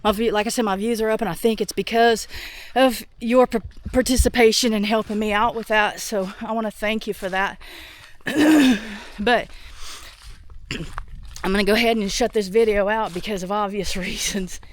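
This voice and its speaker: A woman's voice: medium pitch, steady tone, normal speed. Sick woman rambling on her farm. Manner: rambling, thinking out loud with many restarts. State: sick, coughing and out of breath. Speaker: homestead vlogger. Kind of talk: casual vlog talk while doing farm chores. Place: outdoors on a farm.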